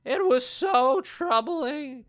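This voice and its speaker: A man doing a mocking impression of a weepy older male self-help author, with a tearful quavering sob in his voice and a slow, drawn-out wail. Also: extremely high pitch, lively intonation, fairly bright tone, voice pushed up, heavily acted. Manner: slow, drawn-out wailing delivery.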